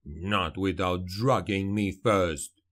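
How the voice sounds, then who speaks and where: A gruff, violent dwarf warrior growls his threats low and slow, as a male narrator puts him on. The voice sits deep and drags each word, heavy with menace. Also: fairly even intonation. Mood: growling menace.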